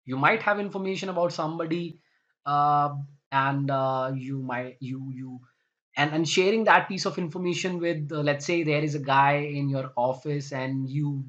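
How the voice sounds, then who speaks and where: A man's voice: a little high, moderate pace, a bit bright, highs cut off. A young man energetically explaining phrases in a vocabulary lesson. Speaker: English teacher.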